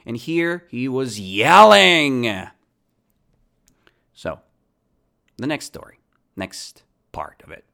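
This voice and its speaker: An English teacher running a lesson, asking questions and answering them, repeating key words, with non-native grammar. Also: mid-range voice.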